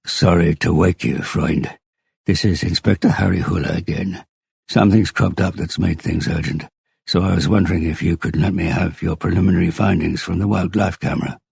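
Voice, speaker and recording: A man voicing a tired, blunt male police inspector who sounds hoarse and terse. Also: low voice, steady tone, moderate pace, darkish tone, dry recording, heavily acted. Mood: urgent.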